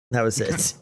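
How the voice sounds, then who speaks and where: A young man from Arizona co-hosts a podcast, chatting casually and bluntly and swearing a lot.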